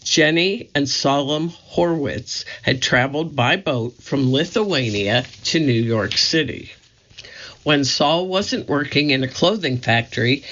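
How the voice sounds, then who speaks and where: A woman reads a children's book aloud for an audio reading service. She takes her time and lets her voice rise and fall expressively. The audio is dull and lo-fi. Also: low voice. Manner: slow, deliberate and expressive.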